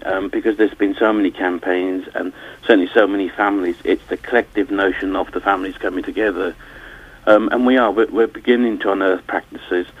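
A man who campaigns for his family, speaking haltingly in a radio interview, with many fillers and restarts. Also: low voice, husky. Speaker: campaigner and bereaved family member. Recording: tinny phone line.

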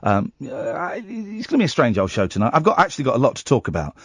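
A man's voice: medium pitch, huge pitch swings, fast talker, husky, dry recording. A man hosting a late-night radio phone-in, teasing his callers with sardonic, dry remarks.

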